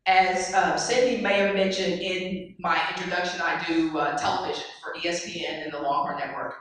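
A woman giving an animated motivational speech, telling stories and putting questions to an audience in a large hall. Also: lowish voice, normal speed. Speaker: motivational speaker. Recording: very echoey hall, far mic.

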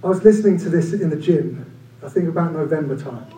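Animated preacher man in echoey hall. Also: fast talker. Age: about 40. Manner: animated, conversational, humorous asides. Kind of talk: sermon. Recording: echoey room from far off, low-quality.

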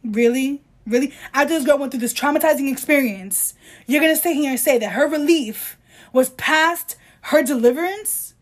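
A woman co-hosting a casual podcast chat, ranting in a heated, emphatic way and reading quotes aloud in mock voices. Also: high-pitched. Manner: heated, emphatic, rapid ranting with apologies for shouting. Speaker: podcast co-host.

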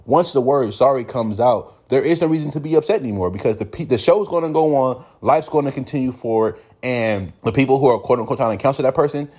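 A man's voice: mid-range voice, fast talker, few pauses, darkish tone. A man with a Californian accent, hosting a casual solo commentary podcast and acting out other people's reactions in quoted voices. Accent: Californian English. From United States. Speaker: podcast host.

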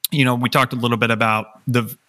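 A male podcast host in easy, casual chat. His voice is bright with a forward edge, and he talks in a joking, rambling way, full of fillers and restarts. He sits at a middling pitch. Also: flat delivery, fast.

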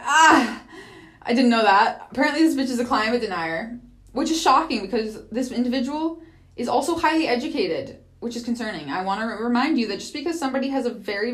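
Chatty, swearing woman host. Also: medium pitch. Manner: profane, chatty, laughs often. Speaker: podcast host. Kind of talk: casual monologue.

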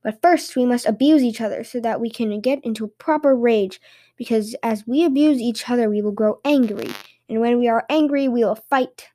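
A woman voicing a bold young shepherd lad who answers with calm, confident retorts. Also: fairly high pitch, normal speed, no room sound, close to an everyday voice.

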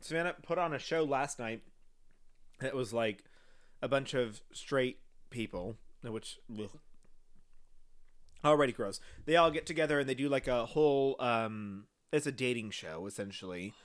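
A man's voice: medium pitch, normal speed, clean tone. A young man with a Southern US accent co-hosting a podcast in casual chat, rambling, trailing off and laughing often. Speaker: podcast co-host.

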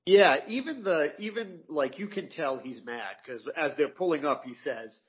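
A man's voice: fairly high pitch, expressive, normal speed, dull audio. A man co-hosting a comics podcast in casual chat, describing pages enthusiastically with many fillers.

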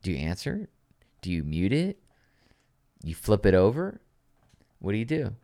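Brief: male podcast host, low voice with wide swings, profane, laughs a lot. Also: wildly swooping pitch, normal speed, dark tone. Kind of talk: casual podcast chat.

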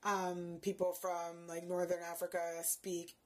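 A woman from Haiti in casual podcast chat, playful and expressive, with lots of slang. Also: lowish voice, measured pace.

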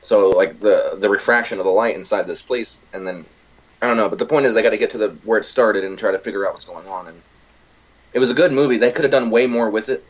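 A man co-hosting a casual podcast chat, retelling a film in a rambling, profane, animated way. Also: fairly low pitch, fast, highs cut off. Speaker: podcast co-host.

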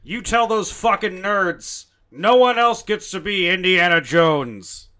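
A man doing a cranky old action hero, loud, slow, over-enunciated, bright. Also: sits high, voice pushed up, heavily acted. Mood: cranky shouting.

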